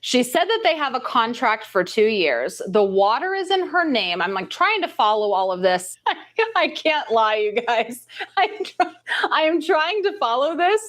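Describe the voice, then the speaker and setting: A chatty woman with a lively, up-and-down voice talks through a video clip as a reaction host. She thinks aloud, hedges, and laughs between her points, pitched a bit high. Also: a little slow. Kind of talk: casual commentary on a video clip.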